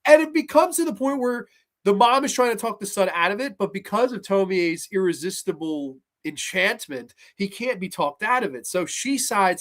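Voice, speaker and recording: A man's voice: sits high, normal speed. A man hosting a horror movie show, retelling film scenes casually with lots of swearing and acted-out lines. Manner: animated, profane, acts out scenes in voices. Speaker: horror podcast host.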